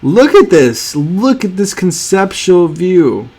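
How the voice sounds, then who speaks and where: Slow, gushing man in theatrical awe. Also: sits high, big pitch swings. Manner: gushing, theatrical awe, swings from loud to hushed. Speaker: sneaker art channel host. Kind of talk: reacting to sneaker drawings on screen.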